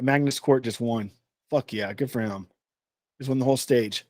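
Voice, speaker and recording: A man's voice: mid-range voice, moderate pace, dry recording. A man co-hosting a casual podcast, rambling from one fun fact to the next, easily distracted and swearing freely. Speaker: podcast co-host. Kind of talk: casual chat.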